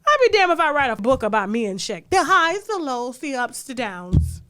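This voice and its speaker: A woman's voice: sits high, big pitch swings, normal speed, few pauses, fairly bright tone, no echo. A woman hosting a gossip commentary show, ranting in a brash, profane, rhetorical way. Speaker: host.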